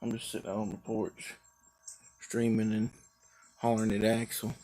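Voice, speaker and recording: A man's voice: on the low side, monotone, normal speed, warm tone. A tired, drowsy man chatting casually on a live stream while sitting outdoors on his porch, rambling in a laid-back way. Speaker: livestream host.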